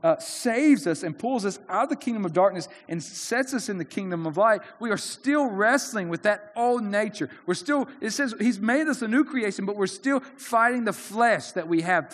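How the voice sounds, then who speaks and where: A man's voice: high-pitched, fairly bright tone, long reverb tail. A man preaching a sermon in an earnest, conversational way, often restarting his sentences. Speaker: pastor.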